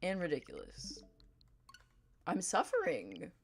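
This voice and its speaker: A woman streaming a game and chatting with viewers, given to dramatic mock outrage and quick asides. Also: lowish voice, wildly swooping pitch, vocal fry. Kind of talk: casual livestream chat.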